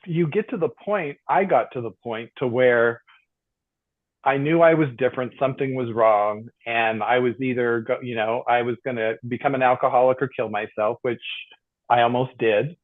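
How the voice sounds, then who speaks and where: A man in his sixties telling a personal story on a panel, emotional and halting, over a video call. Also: mid-range voice. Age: 60s. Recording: tinny phone-like line.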